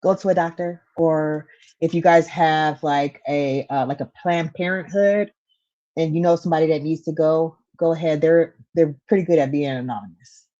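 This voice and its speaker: A woman co-hosting a casual livestream, reading out facts and phone numbers slowly and greeting the chat. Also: sits low, dark tone. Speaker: podcast co-host. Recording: dull lo-fi stream audio.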